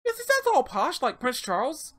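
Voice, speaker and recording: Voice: high voice, huge pitch swings, moderate pace, voice pushed up. A reader voicing a six-year-old boy, talking in an earnest, chatty, childish way.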